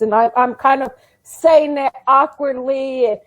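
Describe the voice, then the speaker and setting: Woman, tabletop player, higher voice, slow pace, awkward and giggly. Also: lo-fi sound. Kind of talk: casual tabletop play.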